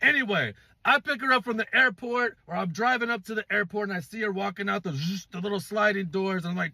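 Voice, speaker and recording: A man's voice: sits high, a little fast, gravelly, few pauses, sharp tone, no echo. A man from California telling a dating story in a casual storytime vlog, blunt and profane, asking viewers to judge him.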